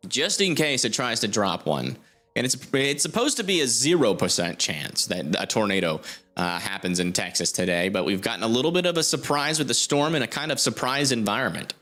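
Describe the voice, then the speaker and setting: A man's voice: medium pitch, a bit bright. A young man hosting a live weather stream, commenting informally on a storm on radar, thinking aloud with many fillers. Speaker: storm chaser livestream host.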